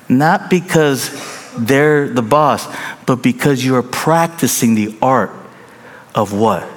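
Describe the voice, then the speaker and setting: A man preaches a sermon with animated, humorous delivery, often slipping into the voices of the people he quotes. His voice sits at a middling pitch. The sound carries a long reverb from a large church hall. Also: takes it slowly. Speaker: pastor.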